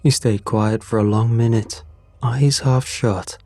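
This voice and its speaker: Slow, dark-voiced male horror narrator. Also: medium pitch, steady tone, dry recording. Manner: slow, measured storytelling.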